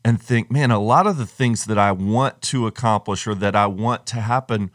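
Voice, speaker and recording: A man with a fairly low voice co-hosting a church podcast, reflective and affirming. His voice sounds dry and close, with no room echo. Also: moderate pace, a bit bright. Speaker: ministry staff member, co-host. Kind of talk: podcast conversation.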